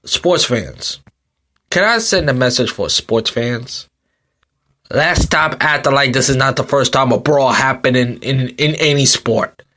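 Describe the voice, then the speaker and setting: A man in his thirties hosts a sports podcast, his voice medium-pitched, unhurried and sharp. Sleepy and yawning, he rambles through a casual rant, repeating himself and leaning on "um" and "you know."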